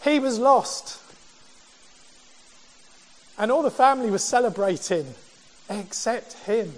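A man preaching a sermon, asking rhetorical questions and working through the passage in a measured way. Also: very high-pitched, animated, big-room sound. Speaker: pastor.

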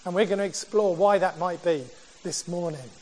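High-voiced man preaching in a hall. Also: a little mellow. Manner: measured preaching with rhetorical questions. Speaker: pastor. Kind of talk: sermon.

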